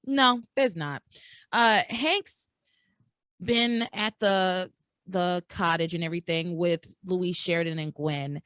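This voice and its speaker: A woman's voice: on the low side, takes it slowly, fairly bright tone, smooth, no room sound, clean studio sound. A woman co-hosting a podcast, chatting casually and animatedly with many restarts and laughs. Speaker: podcast co-host. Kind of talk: casual recap chat.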